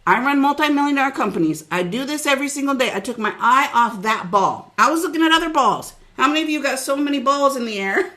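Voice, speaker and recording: A middle-aged woman business coach giving an energetic, preachy motivational webinar talk and calling out listeners by name. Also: high-pitched, fast talker, few pauses.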